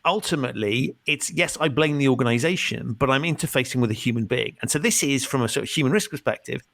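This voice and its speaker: A man's voice: mid-range voice, fast talker, gravelly, a bit bright, no echo. A man hosting a podcast, reflecting on his guest's points in conversational commentary. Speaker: podcast host. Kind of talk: conversational interview.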